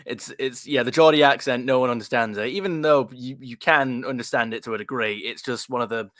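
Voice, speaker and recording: A man talks quickly as a guest in a casual podcast chat. He is quick to agree and often restarts his phrases. The sound is dry and close, with a medium-pitched voice. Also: fairly bright tone, no echo.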